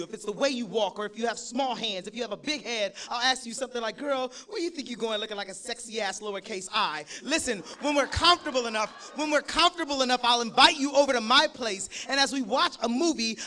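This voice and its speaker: A high-pitched man with a bright, forceful tone performs spoken word live. He swings from profane comic banter into rhythmic, punchy poetry lines. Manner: profane, joking, rhythmic delivery. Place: live stage at an event.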